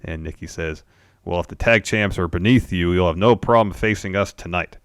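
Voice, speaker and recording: Deep-voiced man recapping matter-of-factly. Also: a little fast, clear, resonant tone, dry recording, clean studio sound. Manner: matter-of-fact recapping, frustrated complaints. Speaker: podcast co-host. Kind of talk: casual wrestling recap chat.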